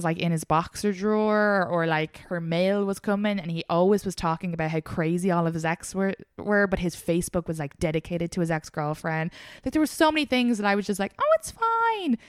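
A young woman talking candidly on a podcast, with a smooth, low-set voice. She tells her stories frankly and with animation, laughing along the way, and the sound is close and dry. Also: no echo. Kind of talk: candid casual chat.

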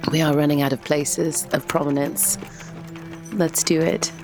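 A woman playing a tabletop game, speaking in character with measured, formal phrasing. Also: low-pitched, level tone, music in the background. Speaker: player. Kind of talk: in-character role-play.

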